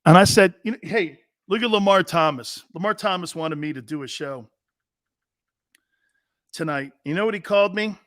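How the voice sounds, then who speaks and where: A middle-aged man hosting a sports talk show, rambling and telling stories with loud bursts and laughter. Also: sits high, moderate pace, no room sound, studio quality. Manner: loud, excitable, storytelling with bursts of shouting and laughter.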